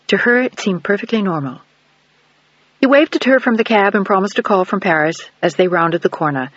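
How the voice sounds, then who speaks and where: A male audiobook narrator with a fairly high voice tells the story in a steady, even manner. The sound is dry and close, with a dull, muffled top end. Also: dry recording. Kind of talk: scripted narration. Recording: dull, dry studio recording.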